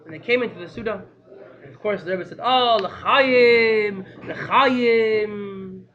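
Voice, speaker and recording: Fast, high, excitable male storyteller. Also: muffled recording. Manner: animated, excitable, repeats phrases for emphasis. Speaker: teacher. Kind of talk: storytelling class.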